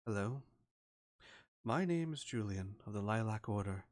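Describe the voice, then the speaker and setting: A man puts on a calm, courteous healer and father, speaking gently in a tabletop game. The voice stays low and soft, close to the narrator's own. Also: unhurried.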